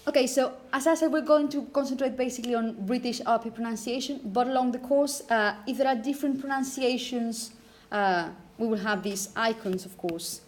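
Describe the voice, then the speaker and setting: A woman teacher giving a relaxed, hesitant lecture with frequent check-ins, whose first language is Spanish. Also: a little high, brisk, low-quality recording. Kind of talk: recorded lecture.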